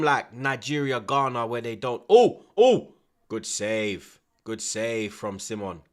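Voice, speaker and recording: Loud excitable man streaming football. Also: medium pitch. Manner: loud, excitable, swears, laughs often, slang-heavy. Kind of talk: live watchalong commentary and chat.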